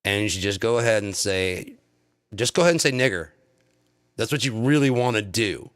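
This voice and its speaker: Man, live streamer, angry rant, profane, insulting, lowish voice. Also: lively intonation, normal speed, a bit bright, clean tone.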